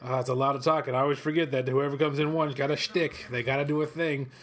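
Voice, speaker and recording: Rambling, profane man hosting. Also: mid-range voice. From western Kentucky, USA. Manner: rambling, profane, quick to excited outbursts. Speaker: host. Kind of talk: casual watch-along commentary. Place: cold home office studio.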